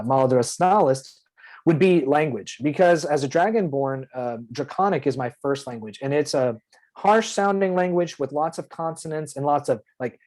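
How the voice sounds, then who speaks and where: A man's voice: medium pitch, a little mellow, poor audio. A man playing in a tabletop game, explaining his character in casual chat, earnest and rambling with many fillers and restarts. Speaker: player.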